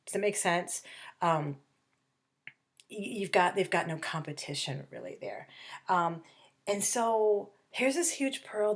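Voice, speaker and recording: Casual woman teacher, lowish voice. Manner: casual, rambling, with many fillers and restarts; acts out characters' lines in quick bursts. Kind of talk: remote lesson talk on a novel.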